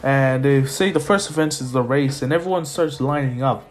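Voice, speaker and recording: A man's voice: medium pitch, normal speed. Rambling young man telling a fan story. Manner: rambling, filler-heavy, laughs often. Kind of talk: casual improvised fan story narration.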